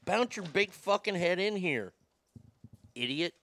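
A man's voice: high-pitched, lively intonation, a little slow, a bit bright. A man hosting a crude, sarcastic political commentary show, swearing and mocking as he reads the news. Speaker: show host.

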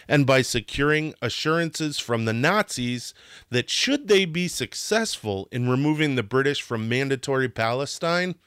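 A man's voice: medium pitch, a bit bright, no room sound, clean studio sound. A man hosting a history talk, telling it in a casual, passionate way that sometimes gets worked up, with restarts and a swear now and then. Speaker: history podcast host.

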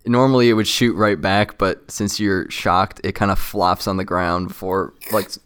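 A man's voice: low voice, steady tone, normal speed, a bit bright, clear, resonant tone. A man running a tabletop game as game master, laid-back and laughing often.

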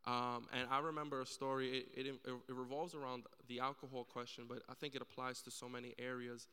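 A man's voice: medium pitch, level tone, fairly quick, sharp tone, smooth. Earnest man in a reverberant hall. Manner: earnest storytelling, acts out quoted voices. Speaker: church panel speaker. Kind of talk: church panel discussion.

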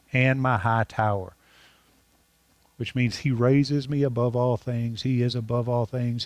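A man preaches in an earnest, repetitive style. He slows down to lean on key lines, with his voice at an ordinary middle pitch. The sound is dry and close, with little room around it. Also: no room sound. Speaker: pastor. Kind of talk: sermon.

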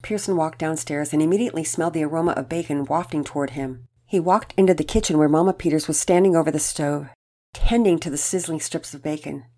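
A woman reading a children's story aloud in an expressive, storytelling way. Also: deep voice, quick pace.

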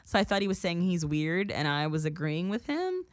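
A young woman co-hosting a casual podcast, talking quickly and teasing, with plenty of swearing. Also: fairly low pitch, big pitch swings, dry recording, clean studio sound. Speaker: podcast co-host. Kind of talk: casual chat.

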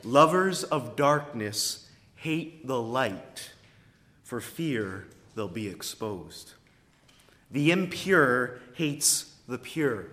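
A man preaching a sermon in an emphatic, deliberate way, his loudness rising and falling widely, in a church sanctuary. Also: mid-range voice, animated. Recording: long reverb of a large hall.

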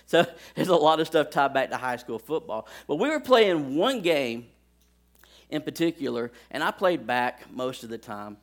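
Animated preacher telling a story. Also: male voice, mid-range voice. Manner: animated storytelling with sound effects; folksy, addresses the congregation directly. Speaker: pastor. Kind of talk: sermon with a personal story.

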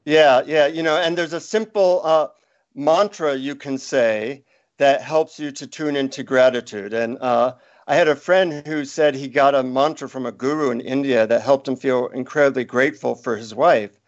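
A man's voice: medium pitch, moderate pace. A man guest on an interview show, chatting casually and telling anecdotes. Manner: storytelling, animated when quoting. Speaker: author guest. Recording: dull lo-fi sound.

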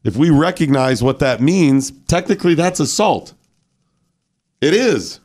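A man's voice: a little high, expressive, a little slow, noisy background. A man hosting a talk radio show, bantering bluntly and wryly while running the segment. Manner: blunt, wry, runs the segment.

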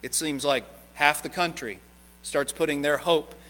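Preacher, male, higher than average, bright forceful tone, earnest sermon delivery with long church reverb. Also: unhurried. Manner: earnest preaching, rising to emphatic stress, dropping low and quiet for key points. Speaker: pastor. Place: church sanctuary.

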